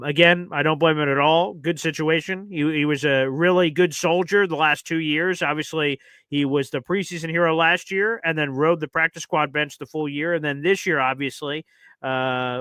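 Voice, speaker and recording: Southern-accented male sports-show host, bright and forceful, animated, teasing, dry close sound. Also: fairly high pitch, smooth, dry recording. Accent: Southern American. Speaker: podcast host. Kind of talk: casual sports talk.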